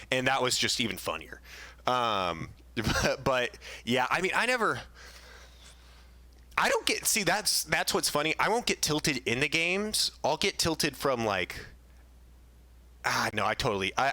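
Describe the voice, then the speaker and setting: A man's voice: mid-range voice, bright, forceful tone, dry recording. Young male co-host, casual storyteller with a punchy tone who curses and laughs a lot. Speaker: podcast co-host. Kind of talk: casual chat.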